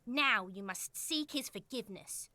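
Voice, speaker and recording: Woman voicing aloof game girl, calm, high, bright, wide-ranging pitch. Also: a little slow, full character voice. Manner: calm, flat-toned, aloof. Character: cold, calm girl who sides with her friend.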